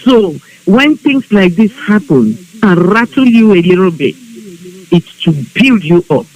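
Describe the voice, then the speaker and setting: A woman making an earnest, measured appeal to fellow women, quoting proverbs. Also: medium pitch, big pitch swings, a little mellow, dull audio. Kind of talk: calm appeal to a group. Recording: live online broadcast with hiss.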